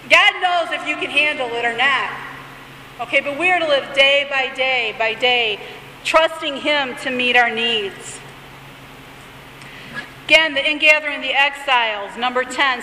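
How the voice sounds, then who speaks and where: Bright high-voiced woman teaching in an echoey hall. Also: moderate pace, far from the mic, a little hiss or hum. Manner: reads liturgy aloud then explains it conversationally. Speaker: Bible teacher. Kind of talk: teaching sermon with prayer readings. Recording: echoey hall, faint ambience.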